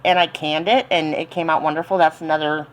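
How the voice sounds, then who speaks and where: A woman's voice: sits low, fairly even intonation, brisk, a little hiss or hum, rough recording. A woman with a Southern accent chatting casually in her home kitchen, rambling with lots of ums and little laughs. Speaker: home cooking channel host.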